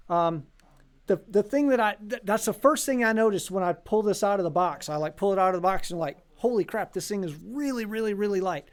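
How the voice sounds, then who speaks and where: A man's voice: high-pitched, clean tone. A man hosting a casual live stream for a violin shop, chatty and joking, with lots of fillers.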